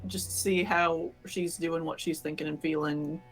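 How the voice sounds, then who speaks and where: A man's voice: fairly high pitch, little pitch movement, normal speed, fairly bright tone. Laid-back guy at a tabletop game, laughs a lot, faint music behind. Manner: easygoing, laughs often. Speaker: player. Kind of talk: tabletop role-play.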